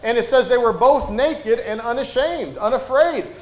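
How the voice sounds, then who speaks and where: A man preaching a conversational sermon to his congregation, folksy and relaxed, often dropping in "uh" and "right?". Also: very high voice, moderate pace, a little hiss or hum. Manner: folksy, frequent "uh" and "right?" asides. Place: church sanctuary. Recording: roomy church echo.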